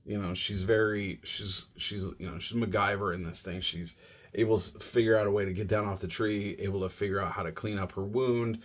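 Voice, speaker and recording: A man's voice: on the low side, steady tone, fairly quick. A man reviewing a movie on a podcast, summing up the plot in a loose, chatty way with lots of "you know" and "like". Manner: conversational, many "you know" and "like" fillers. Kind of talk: casual plot summary.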